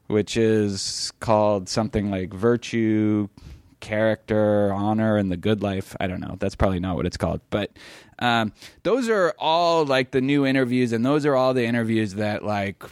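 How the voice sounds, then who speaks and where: Middle-aged male co-host, low voice, loose rambling storyteller, dry close sound. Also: moderate pace, smooth, no room sound. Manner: rambling, self-interrupting storyteller. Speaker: podcast co-host. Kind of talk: casual chat.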